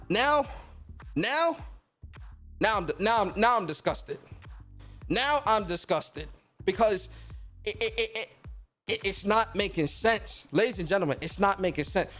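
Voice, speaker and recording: A higher-voiced man hosts a podcast in a loose, ranting style. He swears freely and trips over repeated words as he pushes his point. Faint music sits low behind him. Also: fairly bright tone. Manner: blunt and profane, stammers and repeats words. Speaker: podcast host. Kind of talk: casual ranting commentary.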